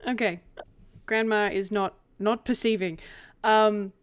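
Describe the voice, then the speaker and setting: A woman's voice: medium pitch, steady tone, slow pace, clear, resonant tone. A woman narrating and running a tabletop role-playing game as game master, descriptive and giggly.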